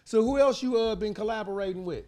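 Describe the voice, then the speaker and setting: A man's voice: high voice, fast talker, warm tone. A man hosting a podcast, asking casual, slangy interview questions and laughing along. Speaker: podcast host. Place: podcast studio.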